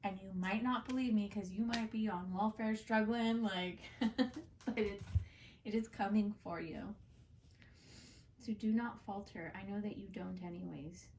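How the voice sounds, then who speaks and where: A woman's voice: medium pitch, measured pace, darkish tone, distant mic, slight background noise. A woman giving a casual, heartfelt tarot reading, chatty and full of fillers. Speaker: tarot card reader and channel host.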